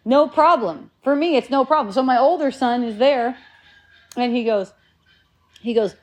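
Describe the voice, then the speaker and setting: A woman in her forties tells a casual, animated story, laughing often and restarting her sentences as she goes. Her voice sits a little high. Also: moderate pace. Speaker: parent sharing a story.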